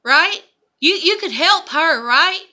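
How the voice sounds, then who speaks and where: A woman's voice: extremely high pitch, lively intonation, slow, sharp tone. A woman in an angry personal vlog rant, swearing and repeating furious rhetorical questions. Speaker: vlogger.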